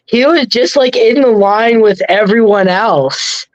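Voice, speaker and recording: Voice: mid-range voice, unhurried, dry recording. A speaker chatting casually in an easygoing way, often laughing. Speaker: podcast co-host. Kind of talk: casual chat. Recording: dull, lo-fi dry recording.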